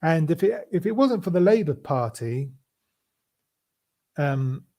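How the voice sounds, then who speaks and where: Slow, halting man with mellow tone. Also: on the high side, very animated. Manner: halting, many restarts and fillers. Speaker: podcast host. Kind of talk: casual political chat.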